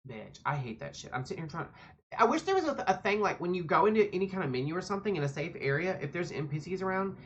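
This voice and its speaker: A woman's voice: lowish voice, big pitch swings, fast talker, lo-fi sound. A woman streamer giving casual gameplay commentary, rambling and sassy, swearing often.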